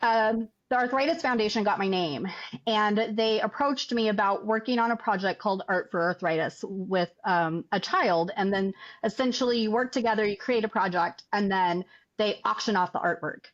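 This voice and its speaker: A woman artist telling a story as a podcast guest, animated, acting out what people said. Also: medium pitch, moderate pace. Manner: animated, acts out quoted dialogue. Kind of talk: casual interview storytelling. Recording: dull lo-fi audio.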